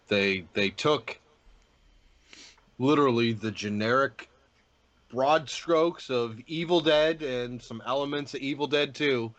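A man's voice: medium pitch, a bit bright. A man co-hosting a casual movie review podcast, rambling through his points with lots of fillers and frequent swearing. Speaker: podcast co-host.

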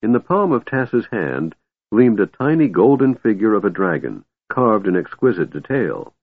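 Guy reading an audiobook, low lively voice, kinda husky, tinny phone sound. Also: normal speed, no echo. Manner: expressive storyteller. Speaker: audiobook narrator. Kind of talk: scripted audiobook narration. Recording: tinny phone-like dry recording.

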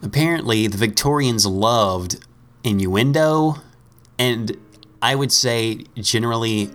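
A man's voice: lowish voice, fairly bright tone. A man hosting a casual comedy podcast, reading out odd news items and laughing easily. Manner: reads news items, laughs often, easygoing. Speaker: podcast host.

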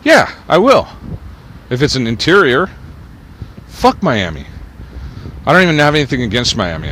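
A man's voice: medium pitch, a bit bright, slight background noise. Profane rambling man. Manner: profane, ranting, drifting between topics. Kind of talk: rambling monologue.

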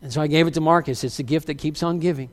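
A man's voice: a little high, rapid-fire. A middle-aged male pastor preaching a sermon, telling stories and acting out the people in them. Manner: animated storyteller who acts out quoted lines. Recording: long hall reverb.

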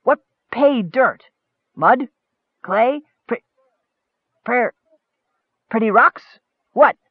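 A man's voice: extremely high pitch, expressive, drawn-out words, slightly rough, no room sound, narrow, tinny audio, pitched above the performer's own voice, full character voice. A man voicing a dim, boastful male gully dwarf king who talks in broken, childish sentences. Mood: puzzled. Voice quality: broken grammar, childish bragging.

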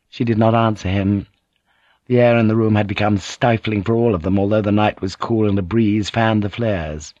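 A man narrating an audiobook in a measured, even storytelling manner. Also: lowish voice, no room sound, lo-fi sound.

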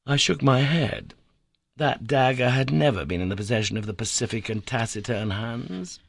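A man reading a classic novel aloud in a measured, formal narration. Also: mid-range voice, gravelly. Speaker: audiobook reader.

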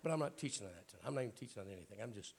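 A man, a bishop, preaching a sermon at a church prayer night in a raspy voice with folksy jokes and frequent throat clearing. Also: fairly low pitch, lively intonation, very fast, a little mellow. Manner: folksy, joking preacher talk.

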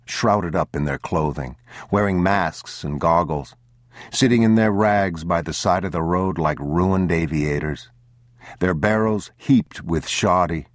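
A man narrating a literary audiobook in a measured, somber way, close to the mic. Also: deep voice, no room sound.

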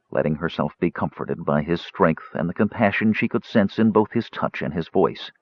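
Deep-voiced, expressive male audiobook narrator. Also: gravelly, dry recording. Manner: expressive, varied storytelling. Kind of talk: scripted fantasy narration. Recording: dull dry studio recording.

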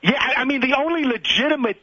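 A man's voice: extremely high pitch, quick pace, breathy edge, dry recording, highs cut off. A man, a guest comedian, telling stories in a casual radio interview, often repeating words as he gets going. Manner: animated storyteller, repeats words when starting.

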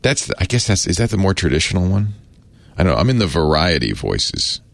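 Gravelly low-voiced man, chatty and wry. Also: very animated, brisk, no room sound. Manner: chatty, wry, laughs at himself, trails off and restarts. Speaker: host explaining a word of the day. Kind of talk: casual explanatory talk.

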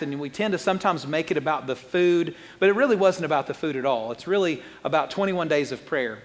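Fast-talking pastor, high voice, hall echo. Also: male voice. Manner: fast-talking, jokey and conversational. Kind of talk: sermon.

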